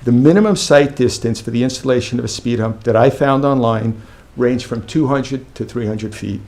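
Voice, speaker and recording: Gravelly man reading a public comment. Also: mid-range voice, normal speed, darkish tone. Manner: reads prepared statement, firm and factual. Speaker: resident speaking at public comment. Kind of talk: public comment at a village board meeting.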